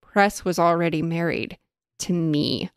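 A woman reading aloud and voicing a vengeful ghost bride in a hollow, quiet voice. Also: fairly low pitch, fairly even intonation, measured pace, smooth, no echo, clean studio sound, lightly acted. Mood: accusing.

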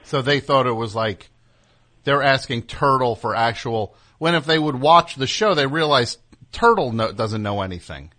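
A man's voice: medium pitch, lively intonation, normal speed, bright, forceful tone. A man hosting a talk show, rambling and riffing with sarcastic humor in casual banter. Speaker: radio show host.

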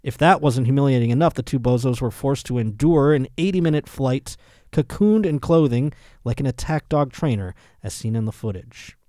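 A man with a mid-range voice runs a comedy news podcast, reading strange stories and breaking off for crude, mocking jokes. He laughs often and slips into quick put-on voices. The recording is dry and close, with no room echo. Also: medium pitch, expressive, warm tone. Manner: puts on voices for quoted people. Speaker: podcast host. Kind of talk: casual comedic news commentary.

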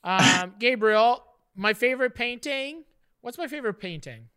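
Brief: male podcast host, very high pitch, sharp bright tone, playful and profane. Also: lively intonation, moderate pace, clear, resonant tone. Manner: playful, teasing, swears freely. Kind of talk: rowdy casual banter.

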